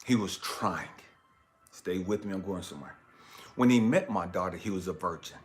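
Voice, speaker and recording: A man working as a life coach, telling a story as a profane, emphatic rant that builds to shouting. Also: deep voice, fairly quick, faint music behind.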